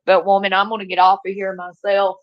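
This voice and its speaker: A woman's voice: medium pitch, completely flat delivery, brisk. A middle-aged woman calling in to a livestream, blunt and outspoken with a motherly streak. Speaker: caller on a livestream. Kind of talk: casual chat. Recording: dull muffled call-in audio.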